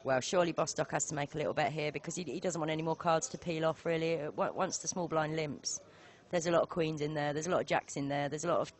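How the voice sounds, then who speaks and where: A woman's voice: sits low, steady tone, fast talker, hardly any pauses. A woman commentating a live poker stream, joking and bantering with her co-host. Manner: jokey, banter-loving.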